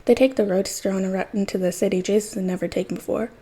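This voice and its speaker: A woman reading fan fiction aloud in a soft, intimate narration that sometimes drops close to a whisper. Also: medium pitch, fairly even intonation, quick pace, breathy edge. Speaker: podfic reader.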